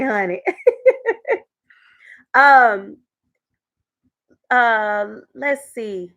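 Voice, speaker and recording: A woman's voice: on the high side, unhurried, a bit bright. A woman hosting her first YouTube live stream, chatting casually with viewers and laughing often.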